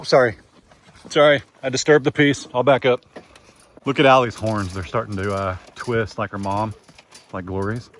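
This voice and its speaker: A man's voice: medium pitch, a bit bright. Man, folksy farm vlog, outdoors, faint background noise. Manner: folksy, talks to the animals in a singsong voice. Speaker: farm vlogger. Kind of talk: casual farm vlog narration.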